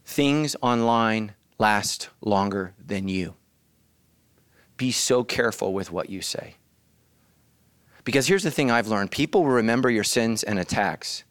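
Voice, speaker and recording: A man preaching a sermon as the pastor, animated and bursting into loud shouts. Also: fairly low pitch, measured pace, dry recording. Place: church.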